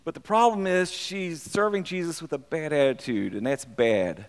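A man with a high voice preaches a conversational sermon, animated and prone to restating his words for weight. His voice rings with a long hall reverb. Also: moderate pace, clean tone. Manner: animated, repeats phrases when emphasizing. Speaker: pastor.

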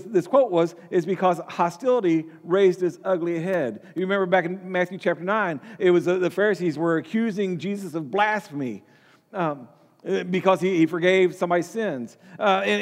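A man's voice: high-pitched, in a large hall. A man preaching a Bible-teaching sermon in a conversational way, stumbling over and repeating words and asking his listeners questions.

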